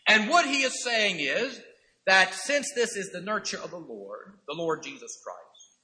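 A man preaching a sermon, emphatic and repeating key phrases, now and then acting out quoted voices with loud outbursts. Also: high-pitched, sing-song, a little slow, rough recording.

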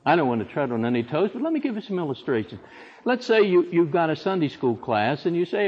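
A man's voice: on the high side, big pitch swings, fast, slight background noise. A man preaching a sermon dramatically, firing off rhetorical questions, in a dull, echoey church recording. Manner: dramatic, with rhetorical questions and big swings in loudness. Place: large church hall.

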